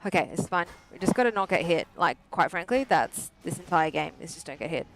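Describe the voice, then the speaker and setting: Frantic, yelping game streamer with lively pitch. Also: a little fast, a little hiss or hum. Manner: frantic self-talk with sudden yelps; self-mocking, joking calm under pressure. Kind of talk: live gameplay commentary with chat.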